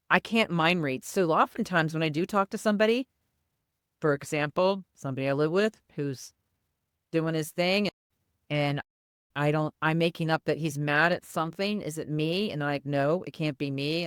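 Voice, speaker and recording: A woman's voice: low voice, normal speed, pauses often, clear, resonant tone, no room sound, studio quality. A woman co-hosting a podcast, talking in an earnest, reflective, candid way in casual chat. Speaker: podcast co-host.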